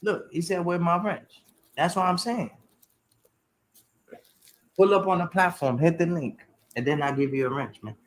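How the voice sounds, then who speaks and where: A young man hosting a casual livestream, talking straight to his chat in animated, slangy bursts. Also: a little high, moderate pace, pauses often, poor audio. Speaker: livestream host.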